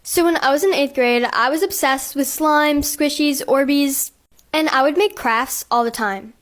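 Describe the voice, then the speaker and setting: A woman's voice: high voice, moderate pace, a bit bright. A woman telling an embarrassing school storytime in a bubbly way. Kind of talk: storytime narration.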